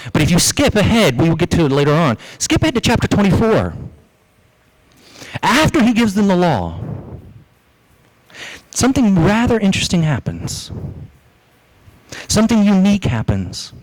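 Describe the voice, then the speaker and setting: A man preaching a sermon as pastor, lively, acting out the voices he quotes. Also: sits high, moderate pace, long pauses, rough recording. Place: church.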